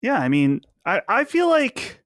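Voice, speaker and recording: A man's voice: extremely high pitch, wildly swooping pitch, unhurried, a bit bright, no room sound, clean studio sound. A man co-hosting a podcast, speaking in a hesitant, filler-heavy way. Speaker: podcast co-host. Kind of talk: casual podcast chat.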